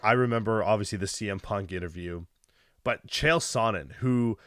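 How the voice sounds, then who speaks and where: A man's voice: fairly low pitch, moderate pace, fairly bright tone, no room sound. A man hosting a podcast, mostly giving short agreeing replies and sometimes recalling past moments with admiration. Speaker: podcast host. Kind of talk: casual interview chat.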